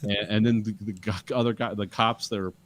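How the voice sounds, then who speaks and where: A man's voice: fairly low pitch, fairly even intonation, brisk. A man in casual podcast chat, rambling with restarts and acting out quotes from a show. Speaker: podcast co-host.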